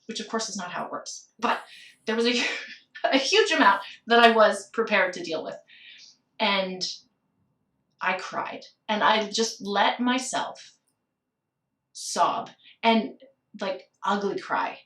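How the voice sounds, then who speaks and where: A middle-aged woman, a podcast guest, telling a personal story candidly and with emotion, slowing down and laughing softly at times. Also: mid-range voice, echoey room, far from the mic. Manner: candid and emotional, with soft laughs and slowed phrases.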